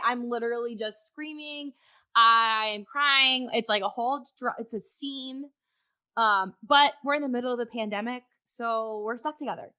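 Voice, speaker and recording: A woman's voice: fairly high pitch, moderate pace, pushed and bright. A woman guest on a podcast, frankly telling a personal story in conversation and swearing freely.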